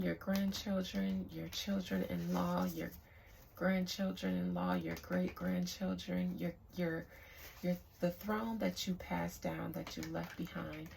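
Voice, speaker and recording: A woman reads tarot outside and speaks at an unhurried, drawn-out pace. Her voice has a gravelly, fried edge, and her halting delivery sinks into hushed calls to the spirits. A faint hiss sits under her voice. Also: fairly low pitch. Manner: slow, halting, hushed invocations. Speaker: tarot reader. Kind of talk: casual spiritual reading. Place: outdoors.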